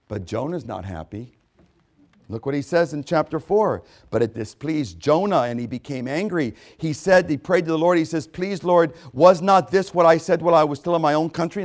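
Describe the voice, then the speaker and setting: A man preaching a sermon, swinging from hushed, intimate storytelling to loud, rising exhortation. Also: moderate pace. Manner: dramatic swings from hushed to booming. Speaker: pastor.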